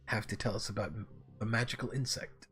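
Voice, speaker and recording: A man's voice: on the low side, fairly even intonation, a bit bright, faint music behind, voice pushed down, close to an everyday voice. A man doing a cold wealthy patriarch. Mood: cold formal. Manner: stiff, measured, formal.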